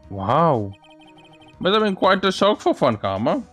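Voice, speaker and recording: A man's voice: fairly high pitch, very animated, measured pace, a bit bright. A man hosting a let's play, reading the game's dialogue aloud with small slips and restarts, over faint game music.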